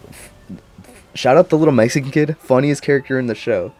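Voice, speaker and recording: A man's voice: medium pitch, fairly quick, darkish tone. A young man rambling casually about a show he watched, full of slang and swearing. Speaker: vlogger.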